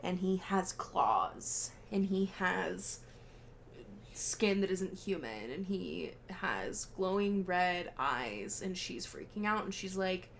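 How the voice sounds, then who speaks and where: A woman's voice: fairly low pitch, slow, gravelly, slight background noise. Young woman animatedly retelling a film. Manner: animated retelling that acts out characters' lines, swearing freely. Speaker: podcast co-host. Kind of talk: casual chat recapping a film.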